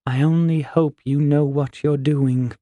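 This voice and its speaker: A man doing a perceptive young woman, gently teasing. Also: on the high side, steady tone, unhurried, no room sound, voice pushed up, natural voice. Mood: uneasy. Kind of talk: audiobook character voice.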